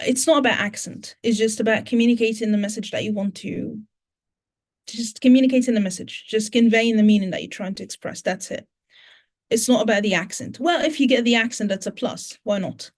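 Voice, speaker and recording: A woman speaking with a British English accent, her voice pitched a little high. She answers questions at an online teaching conference and works through each point step by step, often pausing and restarting. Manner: explains in steps with many fillers and restarts. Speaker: teacher trainer.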